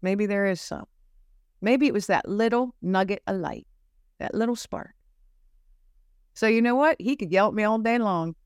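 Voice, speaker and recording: A woman's voice: mid-range voice, expressive, normal speed, pauses often, dry recording, clean studio sound. A woman guest telling personal faith stories in an earnest, searching way, often repeating herself as she looks for the right words. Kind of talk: faith-centered personal storytelling.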